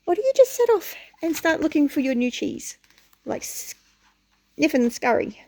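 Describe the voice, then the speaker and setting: A storyteller reads a picture book aloud to young children, animated and asking them questions as she goes. Her voice is fairly high yet mellow, with a gravelly texture, and her pace is a little slow.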